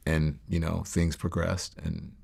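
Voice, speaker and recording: Low gravelly man telling his story. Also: level tone, darkish tone. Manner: reflective, halting, many fillers and restarts. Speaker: interview guest. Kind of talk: candid personal storytelling.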